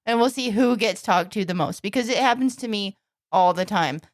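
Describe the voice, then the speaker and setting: A woman co-hosting a podcast, chatting casually and bluntly and telling quick anecdotes. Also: medium pitch, dry recording, studio quality. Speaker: podcast co-host. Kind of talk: casual chat.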